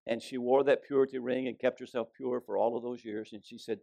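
A man's voice: mid-range voice, fairly even intonation, fast talker, vocal fry, hardly any pauses, dark tone. A middle-aged man, a pastor, preaching a sermon in a folksy storytelling way and reading scripture aloud. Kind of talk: sermon with jokes.

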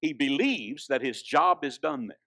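A man delivering a sermon with a bright, forceful voice. His pitch sweeps widely as he shifts from soft, drawn-out phrases to loud, high exhortation, at a middle pitch overall. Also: dry recording, clean studio sound. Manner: animated preaching that swings between hushed, drawn-out lines and loud, high exhortation. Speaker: preacher.

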